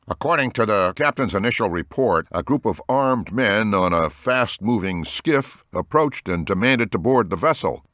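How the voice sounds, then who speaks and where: A serious male agency boss, as a man reads him in an audiobook, businesslike and steady. His voice sits a little above the narrator's, delivered in a measured monotone with a dry, close sound. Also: lowish voice, no echo. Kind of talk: audiobook character voice.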